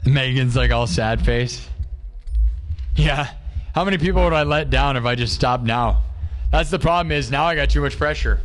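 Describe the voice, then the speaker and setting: A worn-out man streaming from his home room, talking in a loose, rambling, candid way. His voice is mid-pitched and heavy with emotion. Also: moderate pace. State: exhausted. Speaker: live streamer. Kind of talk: casual livestream chat.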